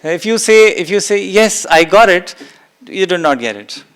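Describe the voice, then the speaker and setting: A man's voice: sits high, expressive, moderate pace, fairly bright tone, clear, resonant tone. A man giving a spiritual talk to a live and online audience. He speaks with emphasis, repeats key phrases and acts out exclamations. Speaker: spiritual teacher.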